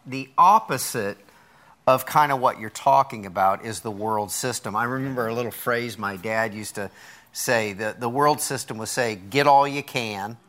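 A man's voice: mid-range voice, moderate pace, fairly bright tone. A man hosting a Christian talk show, enthusiastic and reacting to his guest. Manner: enthusiastic, reacts with frequent wows. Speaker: host.

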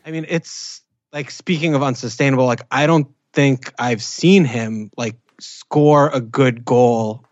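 A man's voice: mid-range voice, measured pace, few pauses, no room sound. A man co-hosting a casual fantasy football chat, laid-back and hedging, swearing freely. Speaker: podcast co-host. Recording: dull dry lo-fi mic.

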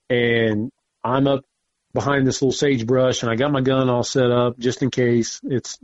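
A man casually telling a hunting story, animated and swearing often as he acts out what people said. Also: mid-range voice, dry recording, lo-fi sound. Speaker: podcast guest, hunter.

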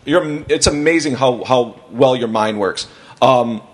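A man's voice: mid-range voice, measured pace. A man who is a stand-up comedian tells a long anecdote in casual podcast chat, rambling, swearing and laughing as he goes. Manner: rambling, profane, laughs through the story.

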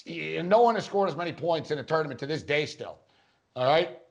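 A man's voice: on the high side, expressive, quick pace, creaky, highs cut off. A man co-hosting a casual sports podcast, telling a long rambling story and acting out quotes along the way. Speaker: podcast co-host.

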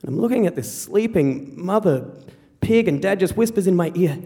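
A man telling a true story live on stage, wry and animated, acting out the voices of the people he quotes. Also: high-pitched, quick pace, background noise. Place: theater stage before an audience. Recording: reverberant hall.

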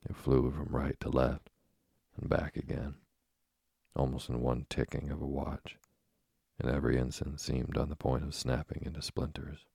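A man narrates a classic sea story with a very deep, gravelly, husky voice that stays low and flat. His delivery is measured and dramatic, recorded close and dry. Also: dry recording. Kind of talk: audiobook reading of a classic novel.

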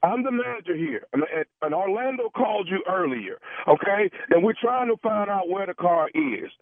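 A man's voice: high voice, big pitch swings, moderate pace, no echo. A man making a prank phone call, stammering and pleading as he plays a valet manager. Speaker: prank caller. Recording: tinny phone line.

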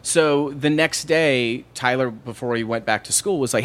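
Man, casual storyteller, animated quotes, mid-pitched. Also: moderate pace. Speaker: guest.

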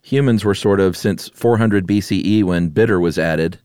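A laid-back man with a fairly low voice, co-hosting a podcast and chatting casually. He laughs easily and keeps it loose. The recording is dry and close. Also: moderate pace, a little mellow, clear, resonant tone, dry recording. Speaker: podcast co-host. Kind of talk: casual chat.

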